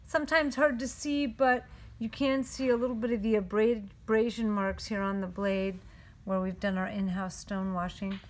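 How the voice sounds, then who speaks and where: A woman's voice: medium pitch, steady tone, normal speed. A woman presenting her company's knives in an upbeat, detailed product showcase.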